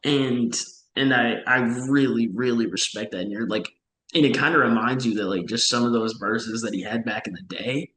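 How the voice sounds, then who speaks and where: A young man co-hosting a podcast, reviewing albums in a measured, analytical way with frequent restarts. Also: mid-range voice, a bit bright, reverberant, rough recording. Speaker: podcast co-host. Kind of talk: casual music review chat.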